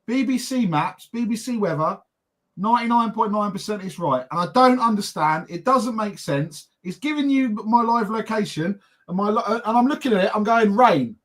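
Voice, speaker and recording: A man with a high, expressive voice co-hosts a podcast. In a quick, chatty, casual manner, he tells family stories and goes off on rants.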